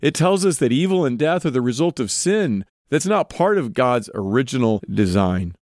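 A man of middle pitch gives earnest devotional Bible teaching as a podcast host. He often turns to the listener with direct questions. The sound is close and dry, with no room around it. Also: big pitch swings, normal speed, a little mellow, no room sound.

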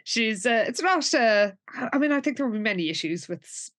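A woman co-hosts a podcast, recapping a TV episode in a wry, chatty manner with a high-leaning, animated, brisk, slightly bright voice. She frequently restarts sentences and laughs at her own jokes.

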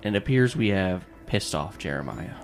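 A man's voice: low voice, lively intonation, moderate pace, creaky, soft background music. A man voicing a weary, middle-aged male council member who speaks formally and makes dry puns.

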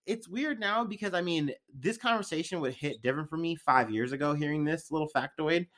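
A man's voice: fairly high pitch, fairly quick, a bit bright. A man co-hosting a casual podcast, riffing animatedly with jokes and frequent swearing. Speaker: podcast co-host. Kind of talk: casual chat.

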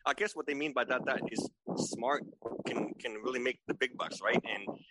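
A man's voice: medium pitch, moderate pace, heavy background noise. A man in his forties, a podcast guest, who stammers, repeats his words and keeps asking "right?" for agreement. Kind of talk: casual remote chat.

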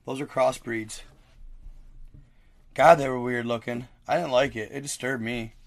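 A man's voice: medium pitch, fairly even intonation, unhurried, no room sound, studio quality. A man talking casually with his viewers, telling a rambling story full of slang. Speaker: streamer chatting with viewers. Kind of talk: casual chat.

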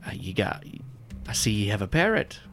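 A man's voice: fairly low pitch, very animated, normal speed, vocal fry, fairly bright tone, a little hiss or hum, full character voice. A man voicing a jolly, grizzled old pirate boat captain who hams up his pirate talk.

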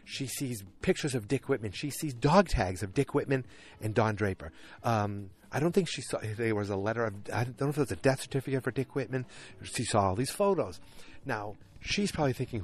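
A man hosting a casual solo podcast, retelling a TV episode at home in a rambling, animated way full of fillers and restarts. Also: mid-range voice, moderate pace. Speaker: podcast host recapping a TV episode. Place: at home, alone at night.

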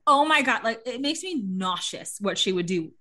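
A woman's voice: a little high, animated, normal speed, sharp tone. A woman co-hosting a casual gossip chat, swearing freely and mimicking people as she talks. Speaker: podcast co-host.

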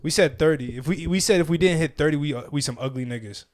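A man's voice: a little high, fast talker, dry recording, studio quality. A young man hosting a podcast in casual chat, with laid-back slangy talk. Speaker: podcast host.

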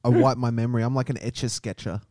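A man's voice: mid-range voice, steady tone, fast talker, darkish tone, no echo. A man co-hosting a comedy podcast, delivering dry, self-mocking jokes. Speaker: podcast co-host. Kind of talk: crude comedic banter.

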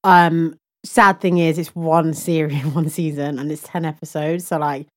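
A woman's voice: low-pitched, steady tone, a little slow. A young woman co-hosting a podcast in casual chat, talkative, laughing often and stretching words for emphasis. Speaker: podcast co-host.

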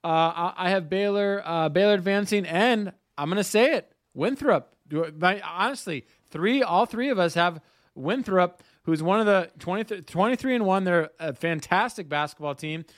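Crisp, dry-voiced man in casual chat. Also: high voice, moderate pace, no room sound. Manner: stammering restarts, joking asides. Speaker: podcast co-host.

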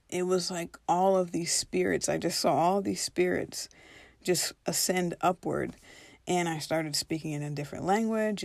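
A woman's voice: on the low side, gravelly, darkish tone, no room sound. A woman telling a personal spiritual story in an earnest, reflective way, now and then acting out her own past reactions.

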